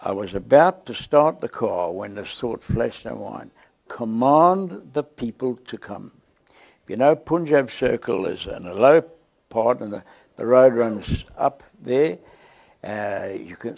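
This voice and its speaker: A man with a South African accent telling a lively testimony story to a church, acting out the scenes as he goes. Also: mid-range voice, measured pace, creaky, husky. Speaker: guest preacher.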